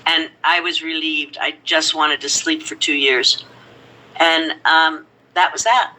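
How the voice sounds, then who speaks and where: Older woman, bright rambling storyteller. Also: sits low, measured pace, low-quality recording. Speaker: actress guest. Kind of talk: casual reminiscing.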